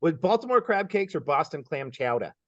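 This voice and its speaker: This Kansas City man, a geometry teacher, hosts an interview and rattles off rapid either-or questions in a lightning round. He's upbeat, laughs often, and occasionally stammers, his fairly high voice swinging widely in pitch. The dry recording sounds dull and a bit muffled.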